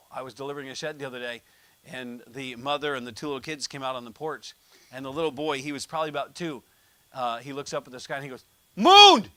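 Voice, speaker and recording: American guy preaching, kinda high voice, dry close mic, chatty, jokes around. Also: sharp tone, no room sound. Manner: conversational, jokey preaching with told anecdotes. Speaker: pastor. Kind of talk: sermon.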